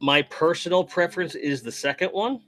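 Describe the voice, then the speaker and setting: A man's voice: a little high, normal speed. Casual man chatting over background music. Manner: relaxed and chatty, reads out chat messages, swears casually. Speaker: host. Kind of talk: casual live-stream chat while unboxing toys.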